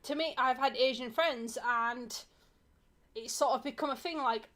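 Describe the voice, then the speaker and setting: A woman's voice: sits high, measured pace, fairly bright tone. A young woman from Yorkshire, chatting casually on a podcast with restarts, fillers and frequent laughter. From Yorkshire, England. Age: young adult. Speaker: co-host.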